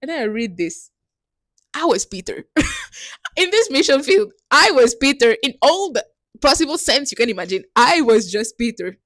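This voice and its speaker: A woman's voice: sits high, very animated, moderate pace, fairly bright tone, no echo. Earnest woman sharing a faith story. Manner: earnest, emotional, laughs between lines. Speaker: missionary sharing testimony. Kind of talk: personal faith testimony.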